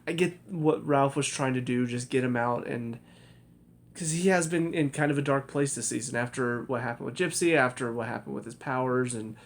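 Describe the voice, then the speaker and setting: A man's voice: mid-range voice, normal speed, gravelly. A young man giving a casual spoken review of a TV episode, hesitant, with many fillers and restarts. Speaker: TV review vlogger.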